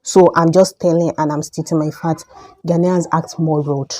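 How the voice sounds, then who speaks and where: A young Nigerian woman with a Nigerian accent, giving an emphatic opinion vlog that repeats its points and jumps up in pitch when heated. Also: steady tone, normal speed, mellow. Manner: emphatic, repetitive, rises sharply when heated. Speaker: vlogger.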